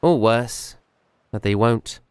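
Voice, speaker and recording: A man voicing a troubled young man who confides a fear in a hesitant, halting, earnest way. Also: mid-range voice, clean tone, dry recording, close to an everyday voice. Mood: uneasy confiding.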